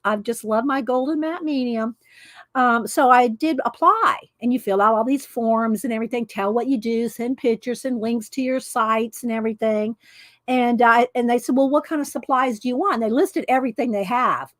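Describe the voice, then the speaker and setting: A woman's voice: on the high side, no room sound. Chatty woman, dry close sound. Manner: chatty, rambling, thanks viewers by name. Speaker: art livestream host. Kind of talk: casual chat.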